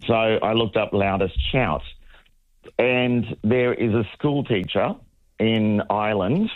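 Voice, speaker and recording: A man being interviewed on the radio about his record for the loudest shout. He talks in a playful, casual way and laughs easily. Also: fairly low pitch, slow, no room sound, phone-quality sound. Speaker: world record holder guest.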